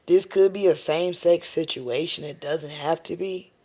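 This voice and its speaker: A tarot reader gives a reading on a live stream in a medium-pitched, steady, slightly mellow voice at normal speed. She talks casually, swears, and rambles. She keeps checking in with viewers by asking "okay?" and "all right?"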